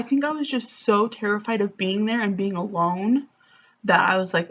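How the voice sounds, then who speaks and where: A woman vlogger speaking candidly and emotionally in a confessional story, her talk full of "like" and "um." Her voice sits at a middling pitch. The recording is muffled and lo-fi. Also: normal speed, fairly bright tone. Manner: candid, emotional, many fillers like "like" and "um".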